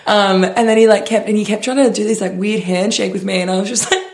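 Young woman, Australian accent, casual storytelling, laughs a lot, vocal fry. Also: medium pitch, fairly even intonation, fast, darkish tone, a little hiss or hum. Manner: chatty, laughs often, lots of "like". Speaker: podcast co-host.

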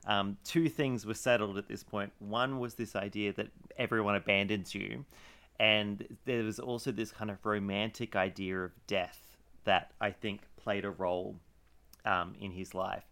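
A man's voice: on the low side, steady tone, a little slow, creaky, fairly bright tone. A man co-hosting a casual true-crime podcast, chatty, laughing often and full of fillers. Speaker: podcast co-host.

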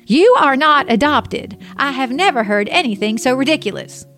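Woman playing a shrill exasperated mom. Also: big pitch swings, normal speed. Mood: scolding. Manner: sharp, scolding. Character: exasperated mother, short-tempered, shrill.

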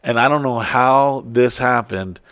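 Profane excitable man telling a story. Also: mid-range voice, measured pace, dry recording, clean studio sound. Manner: profane, excitable, acts out quotes. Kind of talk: casual storytelling chat.

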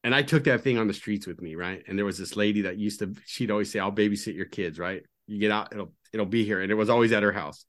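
A man with a low-set voice talks openly as a podcast guest. His delivery is earnest and confiding, often dropping to a quiet murmur. He sounds middle-aged and tells his story plainly. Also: fast talker, hardly any pauses. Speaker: podcast guest, recovery coach. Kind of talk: candid storytelling interview.

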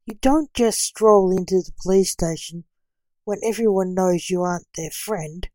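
A woman's voice: medium pitch, moderate pace, mellow, dry recording, lightly acted. A woman reading as an exasperated scolding father. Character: exasperated protective father, a man.

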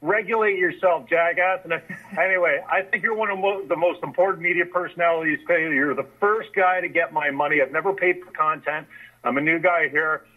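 A man's voice: a little high, brisk. A male caller teasing the hosts in a profane, rambling way over the phone. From Canada. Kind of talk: casual call-in chat. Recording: tinny phone line.

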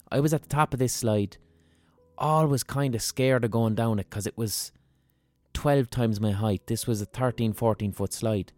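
In a candid, rambling monologue, this podcast host tells stories with lots of swearing and restarted sentences. His voice is mid-range and a little mellow.

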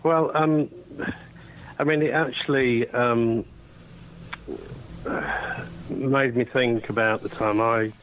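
A man co-hosting a radio chat, speaking reflectively and hesitantly, pausing often to find words. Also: medium pitch, steady tone, fairly bright tone, a little hiss or hum, low-quality recording. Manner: reflective, hesitant, many fillers and pauses. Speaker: radio co-host.

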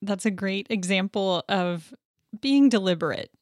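A woman hosting an interview, affirming her guest in a steady way. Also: medium pitch, a little slow, no echo, clean studio sound. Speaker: interviewer host.

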